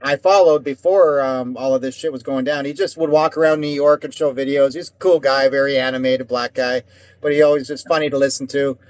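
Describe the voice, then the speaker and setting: Co-hosting a casual talk show, a man launches into a long, heated, rambling rant full of frequent swearing. His mid-range voice stays steady in tone and moves a little fast. The audio is dull, dry, and lo-fi, with no echo.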